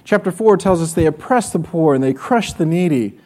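A man's voice: on the high side, expressive, fairly quick, a little mellow. A man preaching a sermon with a voice that sits a little above the usual male range. He speaks in an earnest, direct way and keeps putting rhetorical questions to his congregation. He sounds like a pastor who knows his listeners well. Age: adult with children.

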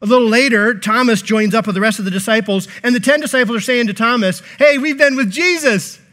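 High-voiced emphatic male preacher. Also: quick pace. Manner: emphatic, animated, with joking asides. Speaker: pastor. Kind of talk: sermon.

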